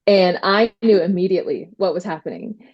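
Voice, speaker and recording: A woman attorney telling stories in a casual interview, animated, quoting herself and using many fillers. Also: fairly low pitch, brisk, dull audio. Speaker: trademark attorney guest.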